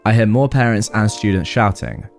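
A man hosting a storytime podcast, reading a story aloud in an expressive, animated way. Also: on the low side, moderate pace, faint music behind.

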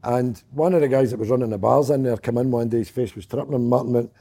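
A middle-aged Scottish man telling stories in casual chat, gruff and sweary with a mock-snappy edge. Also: medium pitch, fairly even intonation, fast, few pauses, mellow. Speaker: guest comedian.

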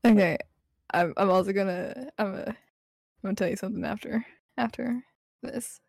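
A woman's voice: medium pitch, brisk, creaky, darkish tone, no echo, studio quality. Sultry teasing woman podcast guest. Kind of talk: casual livestream chat.

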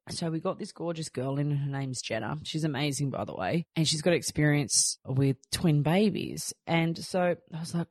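Brief: female podcast host, low voice, chatty storyteller, dry close sound. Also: a little fast, few pauses, a little mellow, husky, no room sound. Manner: chatty, storytelling, rambling asides. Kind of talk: casual chat.

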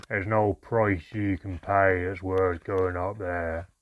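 A man voicing a surly male dwarf sailor with a rough, grunting voice in an audiobook story. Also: low-pitched, steady tone, slow pace, dull audio, pitched below the performer's own voice. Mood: dismissive.

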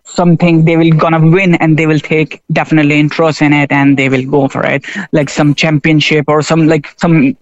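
A man's voice: on the high side, flat delivery, fairly quick, hardly any pauses, no echo, muffled recording. A man from Pakistan, a shop worker being interviewed on the radio, speaking hesitantly and searching for words with many fillers, laughing easily. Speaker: railway station shop worker interviewed as guest.

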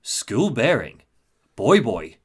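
A man voicing a captive alien prisoner who speaks halting, garbled nonsense words. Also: medium pitch, huge pitch swings, breathy edge, pitched below the performer's own voice, heavily acted. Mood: grave. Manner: halting word salad, grave at times.

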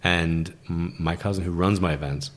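Deep-voiced New man telling stories. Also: moderate pace. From New York. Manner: animated, acts out the people in his stories. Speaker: guest, stage medium. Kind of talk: conversational storytelling.

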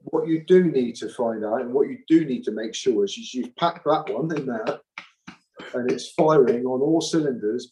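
A middle-aged retired rugby forward speaks passionately in an interview, emphatic and repeating phrases for force. His voice is medium-pitched and a little mellow, and the recording quality is low.

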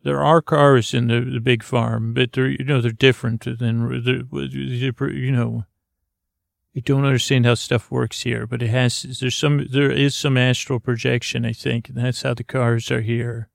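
A man spins a loose, improvised story, drifting along with plenty of pauses and restarts. His voice is gravelly and stays almost level in pitch. The sound is dry and close to the microphone. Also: level tone, no echo. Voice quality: meandering, halting with many fillers and restarts. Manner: soft, drowsy and gentle. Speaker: storyteller narrating as a character. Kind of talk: improvised rambling bedtime-style storytelling.

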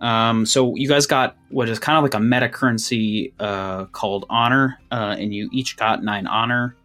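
A man's voice: medium pitch, fairly even intonation, normal speed, a bit bright, soft background music. A man acting as game master, narrating a tabletop game in tense second person, then explaining rules casually.

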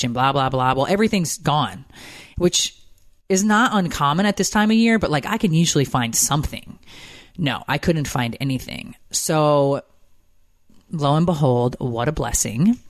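Woman in her forties, co-host, lively rambling storyteller, dry close sound. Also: a bass voice, no room sound. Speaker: podcast co-host. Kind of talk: casual chat.

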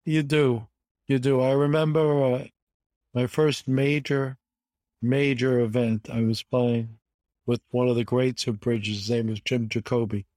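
A man's voice: mid-range voice, flat delivery, a little slow, darkish tone, no echo. An older man, a guest in an interview, telling anecdotes in an emphatic way and repeating words for stress. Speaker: bridge player guest.

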